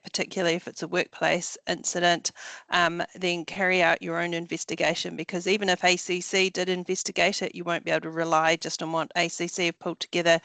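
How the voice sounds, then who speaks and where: Gravelly, flat-voiced New lawyer. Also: mid-range voice, no room sound. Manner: measured, many ums and restarts. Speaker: employment lawyer presenting. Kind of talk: webinar Q&A answers.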